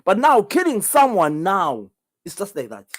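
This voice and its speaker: Zimbabwean man, lively questioning host. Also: high-pitched, normal speed. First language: Ndebele. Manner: emphatic, many rhetorical questions, repeats himself. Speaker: talk show host. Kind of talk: solo call-in show commentary.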